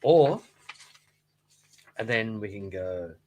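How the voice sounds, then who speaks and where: A man's voice: fairly low pitch, animated, slow, phone-quality sound, slight background noise. A man, hosting a fishkeeping channel, chatting casually and rambling with jokey asides. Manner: rambling, jokey, acts out silly voices. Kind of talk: casual chat, leafing through old books.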